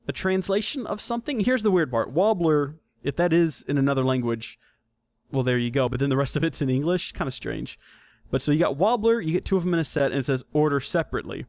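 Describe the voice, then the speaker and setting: A man's voice: mid-range voice, darkish tone, no room sound. Rambling man hosting a dry-sounding podcast. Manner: rambling, self-correcting, joking. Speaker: podcast host. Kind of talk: casual solo podcast commentary.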